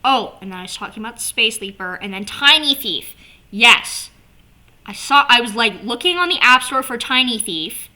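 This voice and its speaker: A woman vlogger chatting casually to camera, animated and swearing, with lots of "like" fillers. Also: a little high, unhurried.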